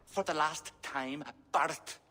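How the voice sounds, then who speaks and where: A woman's voice: low-pitched, takes it slowly, bright, forceful tone, big-room sound, slight background noise, exaggerated voice. A stern Irish noblewoman. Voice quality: clipped, firm. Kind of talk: video game dialogue.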